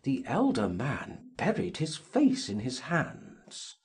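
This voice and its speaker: A man narrating a classic novel as an audiobook, in a measured, unhurried storytelling manner. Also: medium pitch, wildly swooping pitch, husky. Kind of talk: scripted narration.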